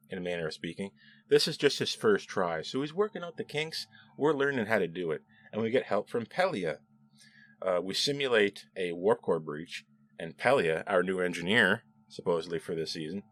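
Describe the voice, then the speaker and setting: A man with a fairly low voice talks through a TV episode review in a loose, chatty way. He is sarcastic and drops into mocking voices when quoting lines. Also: a bit bright. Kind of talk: casual solo review commentary.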